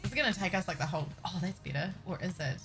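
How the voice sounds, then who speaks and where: A woman's voice: fairly low pitch, racing, over music, low-quality recording. A young woman from New Zealand with a slightly Americanized Kiwi accent, chatting casually and giggling with her chat while livestreaming a game. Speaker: streamer. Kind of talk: casual live-stream chat while playing.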